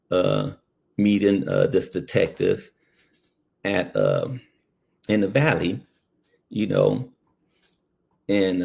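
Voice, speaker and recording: A man's voice: deep voice, creaky. A man and former ambulance worker telling a personal story in a casual way, full of fillers and asides. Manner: animated, lots of fillers.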